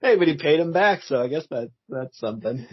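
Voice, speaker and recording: A man co-hosting a casual podcast, playful and quick to laugh. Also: on the high side, expressive, slightly rough, no room sound, highs cut off. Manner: laughing, playful, acts out quotes. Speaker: podcast co-host. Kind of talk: casual comic book chat.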